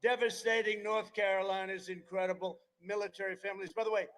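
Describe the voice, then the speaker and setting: A politician in his seventies rambles through a campaign rally speech, digressing often and tossing in mockery. He talks fast in a high, fairly bright voice with little pitch movement. The recording is of low quality.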